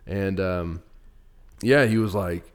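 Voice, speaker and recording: A man's voice: low-pitched, slow pace. A young man co-hosting a podcast, telling stories in a rambling casual chat full of fillers and restarts. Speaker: podcast co-host.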